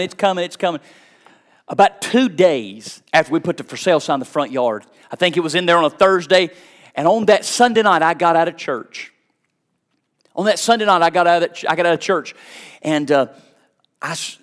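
A middle-aged man, a pastor preaching a sermon with personal stories, fervent and swinging from hushed tones to shouts. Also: fairly high pitch, a little fast. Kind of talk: sermon with storytelling.

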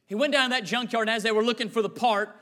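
A man's voice: extremely high pitch, steady tone, very fast, bright, forceful tone. A man preaching a sermon, telling a story with a repetitive, rhythmic cadence.

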